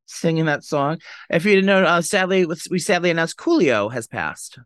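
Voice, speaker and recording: A man's voice: a little high, expressive, moderate pace, fairly bright tone, smooth, no echo, studio quality. A man co-hosting a podcast in casual chat, chatty and dramatic, gossiping. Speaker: podcast co-host.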